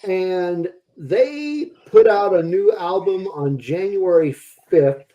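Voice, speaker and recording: Male podcast host, casual and rambling, self-mocking; slightly high, very animated pitch, mellow tone. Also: lo-fi sound.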